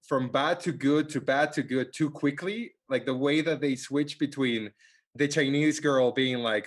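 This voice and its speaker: A man with a mid-range voice gives his take on a film in relaxed conversation. He stumbles and restarts often, sighs between thoughts, and swears casually. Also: mid-range voice. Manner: halting, many restarts, sighs, profane. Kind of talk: casual movie review chat.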